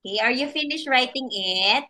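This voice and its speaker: Woman, English tutor on a video call, higher voice, bright tone, slow and encouraging. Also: expressive, a little hiss or hum. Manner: patient and encouraging, laughs often. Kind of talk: one-on-one online lesson for a child.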